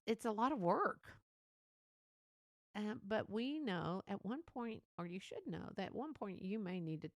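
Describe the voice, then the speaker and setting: A chatty woman rambles through her own podcast. She laughs often, and her pitch swoops up and down as she acts out little scenes. Her voice has a gravelly edge, and the recording is dry and close. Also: no echo. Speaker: podcast host. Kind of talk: casual monologue.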